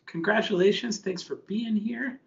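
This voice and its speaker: Man, webinar host, chatty and informal, gravelly, slightly high voice, dull lo-fi audio. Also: normal speed. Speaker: conference host. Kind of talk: casual live webinar hosting.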